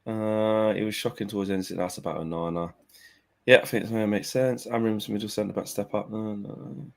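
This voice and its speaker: A man's voice: on the low side, steady tone, brisk, creaky. A man co-hosting a casual fan podcast, bantering and reading messages aloud.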